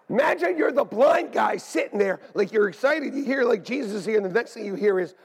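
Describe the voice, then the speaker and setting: A man preaching a sermon as pastor in a church, animated and swinging between hushed asides and shouts. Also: sits high, normal speed, creaky, husky. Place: church sanctuary. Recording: long hall reverb.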